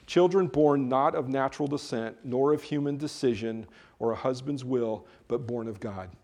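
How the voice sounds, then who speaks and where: A man's voice: mid-range voice, normal speed, darkish tone. A man, a pastor, preaching a sermon in a conversational way, with joking asides between earnest points.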